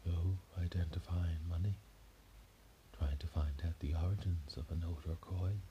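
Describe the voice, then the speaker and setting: A man voicing a woman with an airy, breathy voice who sounds like a ghost in a faraway room. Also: low-pitched, steady tone, lo-fi sound, noisy background, close to an everyday voice. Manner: breathy, drawn-out, otherworldly speech.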